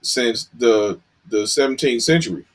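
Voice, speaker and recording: A man on a talk show panel who speaks in a measured way, with pauses and fillers, and asks clarifying questions. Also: medium pitch, lively intonation. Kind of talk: casual discussion.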